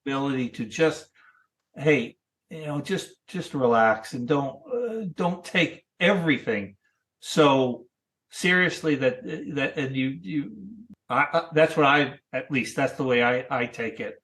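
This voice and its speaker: A man in his sixties, a cartoonist guest, chatting casually in a thoughtful, halting way with many restarts. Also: medium pitch, lively intonation, fairly bright tone. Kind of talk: casual interview chat.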